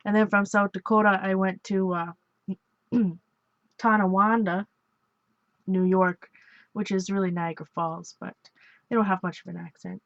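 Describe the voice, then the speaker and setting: A woman's voice: medium pitch, flat delivery, moderate pace, long pauses, a bit bright, no room sound, highs cut off. A woman from Ontario chatting casually and rambling while she works on an art journal page, laughing often and correcting herself. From Ontario, Canada. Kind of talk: casual chat while crafting.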